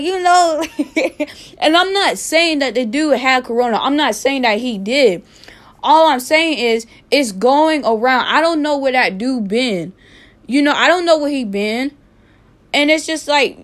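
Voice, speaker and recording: A young woman hosting her own podcast, telling a story in a casual, animated way, repeating herself with sassy asides. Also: on the high side. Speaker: podcast host.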